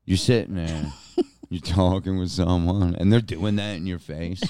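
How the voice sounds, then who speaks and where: Man, casual podcast chat, gravelly, unhurried, swearing and laughing. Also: low voice, fairly even intonation, dark tone, no room sound. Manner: profane, laughing, stammering restarts. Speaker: podcast co-host. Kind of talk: casual chat reacting to recordings.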